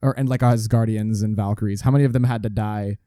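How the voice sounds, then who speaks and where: Mellow-voiced man arguing a point. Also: lowish voice, fairly even intonation, fast talker, clear, resonant tone, dry recording, studio quality. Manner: argumentative, rambling with restarts. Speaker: podcast co-host. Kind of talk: casual chat.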